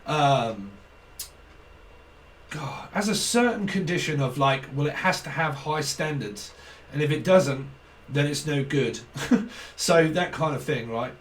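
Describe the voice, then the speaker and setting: A man's voice: fairly high pitch, expressive, unhurried, far from the mic, slight background noise. A man giving a casual channelled tarot reading, rambling, swearing often and laughing between thoughts. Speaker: tarot reader.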